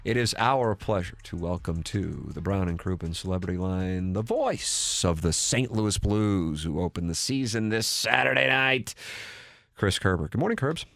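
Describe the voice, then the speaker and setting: A man's voice: deep voice, lively intonation, moderate pace, gravelly, a bit bright, no room sound. A man hosting a sports talk radio show in a studio, bantering upbeat and joking with a guest. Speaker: radio host.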